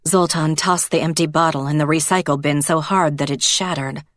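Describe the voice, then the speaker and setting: A woman narrating a paranormal romance audiobook in a steady storytelling manner. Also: deep voice, moderate pace, no echo, studio quality. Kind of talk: scripted narration.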